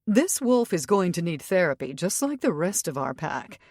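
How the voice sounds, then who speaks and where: A woman voicing a calm, sharp-tongued female fae warrior in an audiobook reading. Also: lowish voice, moderate pace, no room sound, clean studio sound. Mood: dry.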